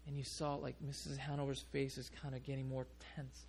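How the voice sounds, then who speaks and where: A male pastor preaching a sermon, telling a story in an animated way and often restarting his sentences. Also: mid-range voice, a little fast, gravelly, few pauses, slightly rough.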